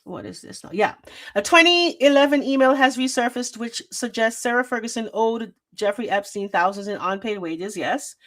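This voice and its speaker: A woman's voice: on the high side, expressive, normal speed, a bit bright. A woman hosting a livestream, chatting straight to her viewers and reading news articles aloud, with plenty of fillers, into a desk microphone. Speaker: show host. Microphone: desk microphone with a loose cable.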